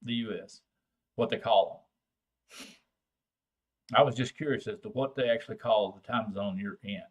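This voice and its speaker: A man's voice: lowish voice, moderate pace, slightly rough. An older man with a Texan accent, hosting a casual, folksy chat with viewers in a drawling, salty way. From Texas. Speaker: livestream host.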